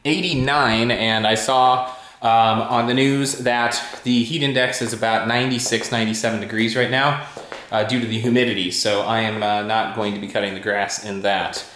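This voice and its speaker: A man's voice: lowish voice, steady tone, moderate pace, a bit bright, reverberant. A man chatting casually to camera about his day at home, rambling with plenty of uhs and ums. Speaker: tech YouTuber vlogging his day. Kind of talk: casual vlog talk to camera. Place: at home indoors.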